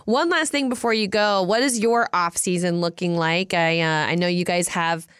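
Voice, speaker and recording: A woman hosting a casual sports interview, upbeat and quick to laugh along. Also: fairly low pitch, a bit bright, smooth, dry recording, studio quality. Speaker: host.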